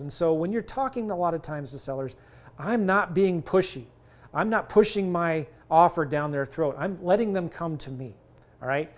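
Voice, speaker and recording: A middle-aged man coaching on real estate deals in a casual, conversational way, acting out bits of seller calls. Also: fairly high pitch. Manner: conversational, acts out both sides of sales calls. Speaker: real estate investing teacher.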